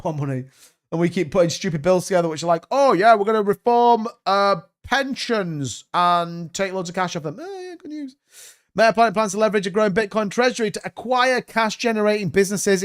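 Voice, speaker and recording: A man's voice: on the high side, a bit bright. A man hosting a live stream, giving rambling, chatty market commentary full of hedges. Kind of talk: casual crypto market commentary.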